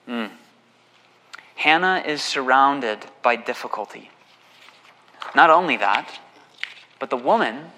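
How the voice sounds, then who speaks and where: A man preaching a sermon as a pastor, talking in an animated way and mocking the people in his story. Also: mid-range voice, takes it slowly, pauses often, long reverb tail. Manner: animated, mocking voice for quoted husband.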